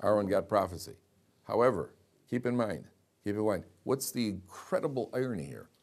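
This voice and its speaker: A man teaching a Torah class, reading Hebrew verses aloud slowly and explaining them, often asking the class questions and repeating himself. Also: lowish voice. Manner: animated, asks the class questions and repeats lines.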